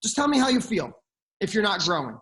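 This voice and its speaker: A man's voice: high-pitched, very animated, a little fast, fairly bright tone. A middle-aged man talking as a podcast guest, giving blunt motivational advice and swearing freely.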